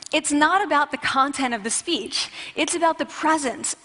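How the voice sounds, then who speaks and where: A woman researcher giving a talk to an audience, animated and conversational, with restarts and asides. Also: high voice, moderate pace. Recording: long hall reverb.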